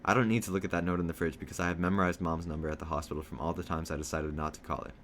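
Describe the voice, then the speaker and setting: A man reading a novel aloud, telling a first-person story in a steady storytelling manner. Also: deep voice, racing, slight background noise. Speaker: reader.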